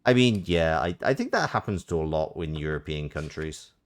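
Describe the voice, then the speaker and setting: A man's voice: extremely low pitch, lively intonation, normal speed. A man streaming a game, rambling in a self-mocking way as he comments on it.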